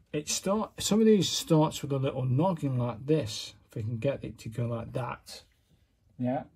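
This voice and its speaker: Man, unhurried and raspy, casual self-critical hobby demo narration. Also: medium pitch, dark tone. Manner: self-critical, chatty, narrates while working. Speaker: calligraphy hobbyist demonstrating. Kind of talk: casual step-by-step demonstration.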